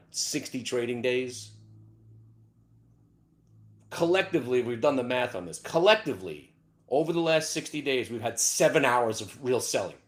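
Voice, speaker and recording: A man hosting a live market show, ranting brashly about his trades with sudden shouted outbursts. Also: mid-range voice. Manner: excitable, loud bursts of shouting, brash. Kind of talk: live trading rant.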